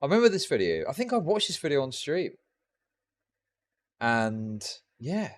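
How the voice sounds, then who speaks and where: A man's voice: medium pitch, sing-song, moderate pace. A young man streaming live reaction commentary, profane and mocking with sarcastic asides.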